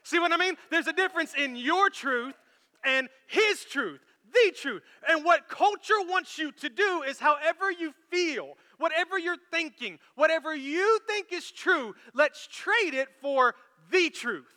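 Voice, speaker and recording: A man preaching a sermon as pastor, animated and storytelling, acting out quoted lines. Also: very high-pitched, a little slow, big-room sound.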